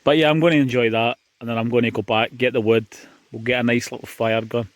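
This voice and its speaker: A man's voice: mid-range voice, steady tone, quick pace, no room sound. Scottish guy vlogging from a beach camp, chatty, talks to the guys watching. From Scotland. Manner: chatty, addresses viewers as guys. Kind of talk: casual outdoor vlog chat. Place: outdoors on a beach.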